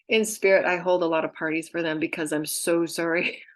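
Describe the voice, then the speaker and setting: This spiritual channeler has a fairly low voice with fairly even intonation and a moderate pace. She chats casually about messages from her guides, gushing with affection and repeatedly dissolving into giggles.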